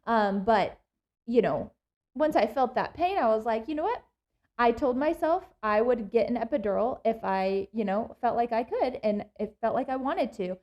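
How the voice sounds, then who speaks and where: Animated young woman telling a story. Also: on the high side, normal speed, highs cut off. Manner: animated storytelling, laughs often. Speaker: labor and delivery nurse sharing her birth story. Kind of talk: casual chat.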